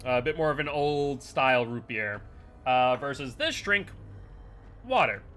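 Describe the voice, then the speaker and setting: A man's voice: mid-range voice, lively intonation, measured pace, bright, forceful tone. A man streaming a horror game live, chatting casually with viewers and commenting on his play in a playful, teasing way. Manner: chatty, reads chat aloud, playful teasing.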